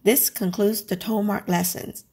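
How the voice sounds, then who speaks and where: A woman teacher giving a scripted lesson, speaking deliberately and demonstrating tones one syllable at a time. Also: medium pitch, steady tone, darkish tone, breathy edge. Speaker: language teacher.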